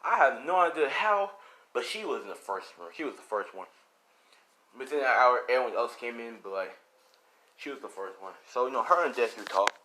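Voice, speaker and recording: A man's voice: medium pitch, expressive, a little fast, bright, forceful tone. A man casually retelling a fan story, rambling and swearing as he goes. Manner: rambling, profane, laid-back. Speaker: storyteller youtuber.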